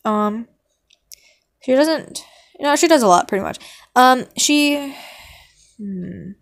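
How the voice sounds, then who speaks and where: A woman's voice: on the high side, lively intonation, slow pace, vocal fry. A woman talking casually and meandering through her opinions, trailing off into hums and ums, sometimes bursting into mock outrage. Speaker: vlogger ranking cartoon characters. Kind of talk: casual rambling commentary.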